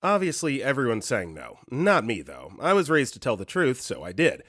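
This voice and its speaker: Male narrator, casual storyteller, very animated intonation, dry close sound. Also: mid-range voice, normal speed, no echo. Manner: casual, conversational storytelling with acted asides. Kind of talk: reading first-person stories aloud.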